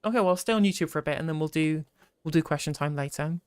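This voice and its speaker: A woman co-hosting a livestream, making dry quick quips and reading out subscriber thanks. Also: low voice, darkish tone, clean tone, no room sound. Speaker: livestream co-host. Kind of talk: casual livestream chat.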